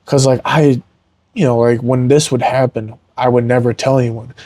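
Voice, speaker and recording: With a dark-toned, mid-range voice and fairly even intonation, a young adult MMA fighter talks at a moderate pace as a podcast guest; there's no room sound. The interview is candid and emotional, and he rambles earnestly, saying "like" and "man" often.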